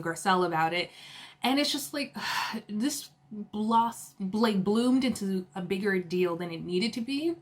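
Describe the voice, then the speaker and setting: A young woman recapping a reality show episode in a chatty, casual way, full of fillers and quick laughs. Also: mid-range voice.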